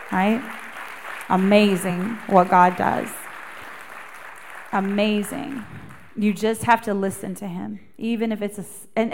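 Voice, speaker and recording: A woman from Canada, a guest singer, telling her faith story in an earnest, animated way, repeating herself for emphasis. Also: mid-range voice, vocal fry. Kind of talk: faith testimony in conversation.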